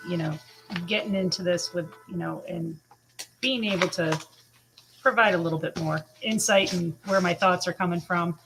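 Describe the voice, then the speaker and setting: A woman's voice: on the low side, normal speed, over music, rough recording. A woman guest on a casual live stream, friendly and hesitant, using many fillers. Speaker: guest analyst.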